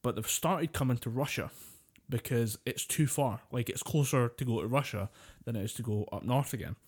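A man's voice: medium pitch, normal speed, breathy edge. A man co-hosting a casual podcast, telling a story with a lot of swearing and laughter. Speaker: podcast co-host. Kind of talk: casual chat.

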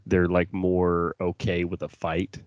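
A man's voice: low voice, completely flat delivery, a little slow, smooth, dry recording, highs cut off. A man co-hosting a casual podcast, laughing often, swearing and restarting his sentences. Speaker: podcast co-host. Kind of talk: casual crude chat.

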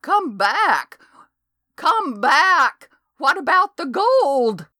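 A woman voicing an excitable, feisty old woman with a high, shrill, yelling voice in an audiobook. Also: drawn-out words, no room sound, studio quality, full character voice. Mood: frantic.

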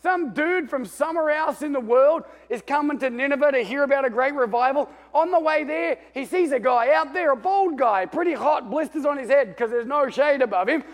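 A man preaching a sermon, telling the story with animation and swinging between loud and hushed while calling out for amens. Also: very high-pitched, fairly quick, few pauses. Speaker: pastor.

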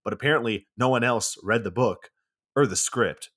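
A man in casual podcast chat, walking through a movie scene by scene in a loose, rambling way. He swears freely and fills gaps with "you know" and "like." His voice sits at a middling pitch for a man. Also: normal speed, a bit bright, breathy edge. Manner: loose and profane, lots of fillers. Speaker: podcast co-host.

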